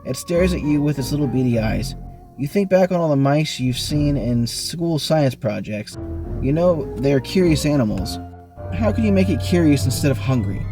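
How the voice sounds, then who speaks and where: Man, game host, reads a choose-your-own-adventure aloud, mid-range voice, lively jumps in pace and pitch, faint music. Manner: animated reading, bursts of speed and pitch jumps. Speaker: game host reading the book. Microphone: online voice call.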